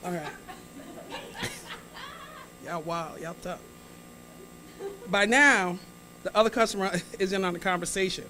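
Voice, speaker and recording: A woman's low, sharp-toned voice comes at a measured pace with frequent pauses as she tells a funny story to a large hall. The guest speaker chats with, teases, and prompts her audience and acts out the dialogue, with a little background noise present.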